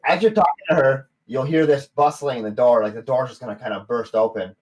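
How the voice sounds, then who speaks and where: A man narrating as game master of a tabletop game, often halting to search for words. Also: medium pitch, a little mellow, slight background noise.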